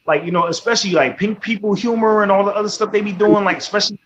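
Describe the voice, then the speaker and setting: A man's voice: high voice, fast talker. A man hosting a casual radio talk show, speaking bluntly with plenty of swearing and frequent checks of "you know what I'm saying". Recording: slightly muffled, faint background noise.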